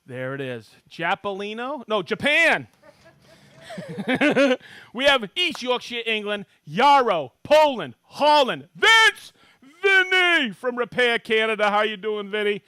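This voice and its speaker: A chatty middle-aged man from Maine runs a live tool demo with a fairly high, bright voice. He jokes along and reads out viewers' hometowns with sudden excited bursts. The sound is dry and close, with no room echo. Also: slow, smooth. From Maine, USA. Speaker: livestream host demonstrating tools.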